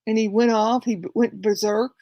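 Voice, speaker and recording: A woman's voice: fairly high pitch, fairly even intonation, moderate pace, dark tone, dry recording, lo-fi sound. A woman livestream host telling a rambling story to her viewers, acting out both sides of an argument. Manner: chatty, retells quarrels acting out both sides; rambling with frequent restarts.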